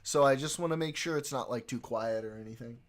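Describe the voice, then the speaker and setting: A laid-back man hosting a livestream, talking casually into a desk mic. He jokes around and laughs easily. His voice sits at a middle pitch. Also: quick pace. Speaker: livestream host. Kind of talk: casual chat.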